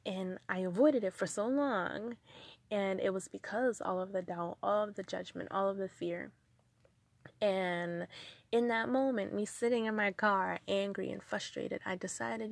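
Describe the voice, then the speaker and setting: Slow, earnest motivational woman. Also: mid-range voice, creaky, no echo. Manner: earnest, repetitive, emphatic. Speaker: motivational speaker. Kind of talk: motivational talk.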